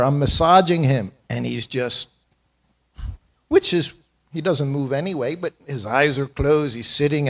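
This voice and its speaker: A man in his seventies giving a morning temple class, telling personal stories in an anecdotal, self-deprecating way and chuckling often. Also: a little high. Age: 70s. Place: temple hall.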